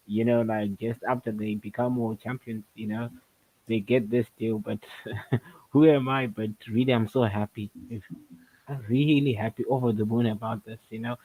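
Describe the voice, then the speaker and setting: A man's voice: mid-range voice, fairly even intonation, moderate pace, dark tone, low-quality recording. A man chatting casually on a livestream, hesitant, with lots of fillers and some laughter. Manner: hesitant, many fillers, laughs between points. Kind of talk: casual chat.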